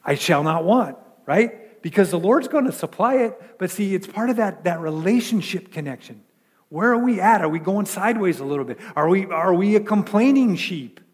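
A man's voice: high-pitched, expressive, normal speed, a little mellow, long reverb tail. A male pastor preaching a sermon in a chatty way, full of repeated words and rhetorical questions.

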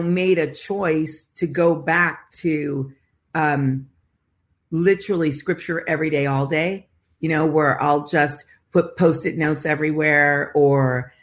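Earnest woman sharing in a faith talk. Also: deep voice. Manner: earnest, searching, full of "I mean, literally". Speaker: co-host of a faith talk show. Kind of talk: casual faith conversation.

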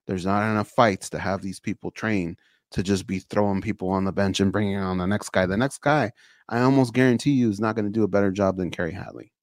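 A man's voice: sits low, fast, no echo, studio quality. A man co-hosting a casual sports talk show, speaking in an earnest, emphatic way.

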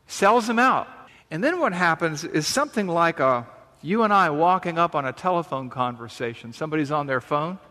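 A man's voice: a little high, fairly bright tone. Man preaching in a reverberant space. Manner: conversational preaching with rhetorical questions. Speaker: pastor. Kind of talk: sermon.

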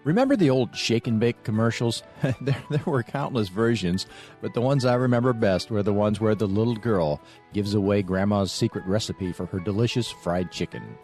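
A man's voice: on the low side, moderate pace, a little mellow, faint music behind. A man hosting a Christian radio teaching program, giving a conversational scripted introduction. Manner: conversational and storytelling.

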